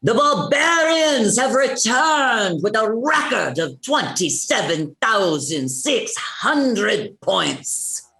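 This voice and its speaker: An actor voicing an announcer with an Irish accent, reading results in a slow, proclaiming way. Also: mid-range voice, expressive, vocal fry, pushed and bright, roomy sound, exaggerated voice. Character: announcer Skahak reporting hunt results. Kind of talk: voice acting session reading lines.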